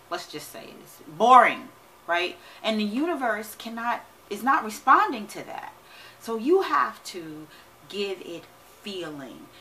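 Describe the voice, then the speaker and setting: A woman who works as a money and wealth coach talks casually to her viewers, energetic and emphatic, often checking in with "right?". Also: sits low, a little hiss or hum, rough recording. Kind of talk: casual vlog talk to camera.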